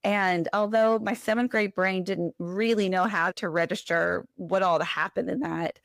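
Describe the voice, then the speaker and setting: Dry, close animated woman storyteller. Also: lowish voice, measured pace, gravelly, dry recording. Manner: animated, acts out quoted voices. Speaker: podcast guest. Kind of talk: casual storytelling conversation.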